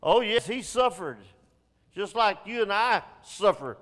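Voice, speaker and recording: Preacher, male, high voice, slow deliberate sermon delivery, long hall reverb. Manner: swings from low hushed passages to raised pleading lines.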